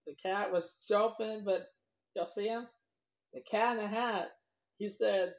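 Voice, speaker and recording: A woman's voice: mid-range voice, steady tone, a little slow. A woman vlogger telling a children's story, rambling loosely and talking to the kids as boys and girls. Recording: dull lo-fi recording.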